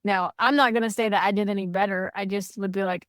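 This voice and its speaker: A woman co-hosting a podcast, talking candidly in casual heartfelt chat, animated when she quotes others. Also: medium pitch, fast, few pauses, clean tone, dry recording, clean studio sound. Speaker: podcast co-host.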